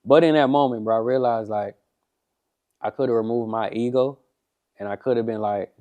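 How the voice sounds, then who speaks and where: A man's voice: on the low side, brisk. A young man chatting casually on a podcast, telling stories with lots of swearing and acting out what others said. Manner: animated storyteller, acts out quoted dialogue, swears freely. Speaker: entrepreneur guest.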